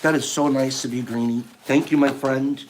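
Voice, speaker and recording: An older man hosting a casual live stream, opening gifts and telling stories in an animated, warm way, laughing now and then. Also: mid-range voice, moderate pace, a little hiss or hum. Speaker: host of a live tea-time stream. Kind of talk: casual chat, opening gifts and reading cards.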